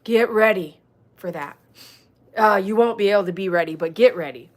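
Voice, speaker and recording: A woman of middle pitch talks casually to her livestream audience as a dog groomer, thanking viewers and reading their comments aloud. She says y'all and leans into heartfelt asides. Her delivery is lively, flaring into mock outbursts and then settling into something quieter. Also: moderate pace. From Texas. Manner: animated, swings into loud mock outbursts, then soft and earnest; chatty, reads out viewer comments, uses y'all.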